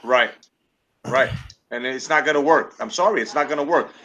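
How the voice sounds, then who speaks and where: Man, podcast host: profane ranter, bright edge. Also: mid-range voice, moderate pace, low-quality recording. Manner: profane, ranting. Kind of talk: casual political chat.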